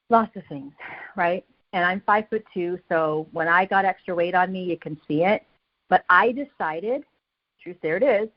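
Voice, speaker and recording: A woman giving a motivational talk as a guest speaker on a team call. She speaks with energy and emphasis and repeats phrases to drive each point home. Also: fairly low pitch. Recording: dull lo-fi call audio.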